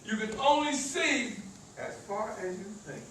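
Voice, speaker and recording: Stammering country-accented man, high voice. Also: expressive, unhurried, fairly bright tone, a little hiss or hum. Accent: rural American country accent. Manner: stutters and stammers, repeats words, preachy. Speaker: motivational speaker. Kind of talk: motivational talk to a live audience. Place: echoey event room with an audience. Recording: very echoey room, voice far from mic.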